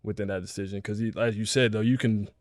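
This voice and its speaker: A man's voice: fairly low pitch, fairly even intonation, quick pace, no echo, clean studio sound. A man in a casual podcast chat, talking earnestly and repeating himself as he thinks aloud. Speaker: podcast co-host.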